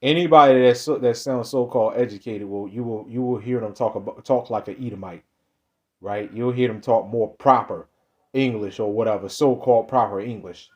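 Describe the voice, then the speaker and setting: A man's voice: medium pitch, a little fast, dull audio. Male preacher, mid-range voice, casual and emphatic, talking to viewers with plenty of slang and restarts. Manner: emphatic, repetitive, ends phrases with "man"; loose, conversational slang and restarts. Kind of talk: casual Bible teaching.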